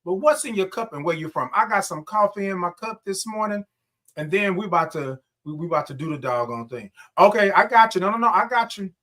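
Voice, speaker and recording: A man's voice: sits high, lively intonation, a bit bright. Upbeat man hosting a morning livestream. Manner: greets viewers by name, drawn-out sung greetings. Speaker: livestream host. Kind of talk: casual morning livestream chat.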